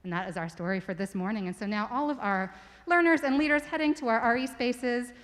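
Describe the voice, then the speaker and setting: A woman tells a children's story to a church congregation, lively and stopping to ask the listeners questions. Her voice sits a little high, and a long sanctuary reverb trails each phrase. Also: brisk. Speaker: worship leader telling a children's story. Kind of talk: story for all ages told aloud to a congregation.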